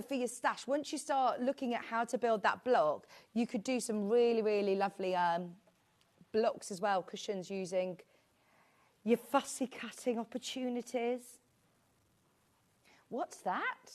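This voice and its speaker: Presenter, British woman, slightly high voice, chatty live sales patter with rambling asides. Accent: British English. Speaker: shopping channel presenter.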